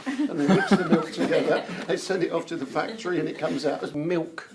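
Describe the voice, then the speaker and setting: An amused male politician telling a story in a slightly high voice. A steady hiss of noise sits under the clip. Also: brisk, hardly any pauses. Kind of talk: anecdote in an interview. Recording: noisy clip.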